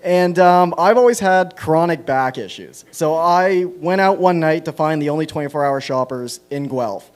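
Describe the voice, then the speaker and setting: Rambling Canadian comic at open mic. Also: male voice, fairly high pitch, moderate pace, hardly any pauses. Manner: self-deprecating, rambling with fillers. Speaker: stand-up comedian. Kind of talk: open mic stand-up set. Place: small comedy venue on stage.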